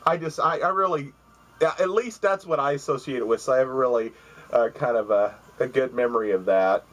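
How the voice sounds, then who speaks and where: A man of middle pitch talks casually at home beside his computer. He rambles, circling back with fillers and false starts as he shows gifts to the camera. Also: brisk, rough recording. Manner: rambling, with many fillers and restarts. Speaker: vlogger showing gifts. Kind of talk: casual chat.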